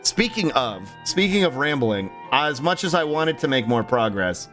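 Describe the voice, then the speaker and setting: Tired-voiced streamer guy rambling to chat, tons of ums, pitch bouncing all over, faint music in the back. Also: sing-song, moderate pace, fairly bright tone. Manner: rambling, many um and uh restarts, laughs easily. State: voice tired and strained. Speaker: livestreamer. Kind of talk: casual stream chat, reading chat aloud.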